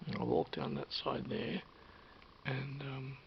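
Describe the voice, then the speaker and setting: A man with an Australian accent telling a story to camera in a casual vlog, animated, swearing freely and dropping into whispers. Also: mid-range voice, slow pace. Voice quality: gravelly. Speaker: vlogger. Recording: dull lo-fi with faint hiss.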